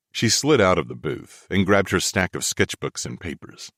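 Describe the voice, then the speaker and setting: Male audiobook narrator, low and expressive, dry close sound. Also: moderate pace, few pauses, no echo. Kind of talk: first-person romance audiobook narration.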